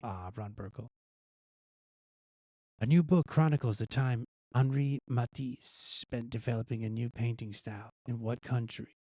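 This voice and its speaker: A man's voice: mid-range voice, measured pace, warm tone, no room sound, studio quality. A male host casually reading out news quiz questions, guessing the answers himself and chuckling at his own gag options.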